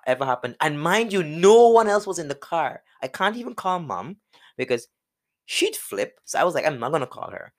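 A young man with a Guyanese accent, hosting a podcast and telling a personal story in a casual way, laughing often. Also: moderate pace. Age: young adult. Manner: animated, laughs often, jumps into high voices when quoting people. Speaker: podcast host.

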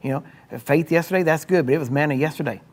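A middle-aged man preaching in a chatty, conversational way, with a slightly higher voice than most men. He keeps prompting his listeners with rhetorical questions and calls for "Amen," and at times climbs into loud, high-pitched exhortation. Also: quick pace. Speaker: pastor. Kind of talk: sermon.

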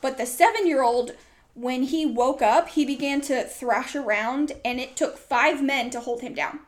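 A young woman hosting a chatty podcast tells a long story at normal speed, her voice a little high. She rambles and circles back, filling her casual storytelling with plenty of "like" and "um."

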